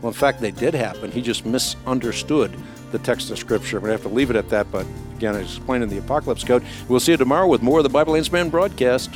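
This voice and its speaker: A man's voice: mid-range voice, fast talker, over music. A man hosting a radio Bible teaching show, explaining scripture with emphatic, rising stress on key words.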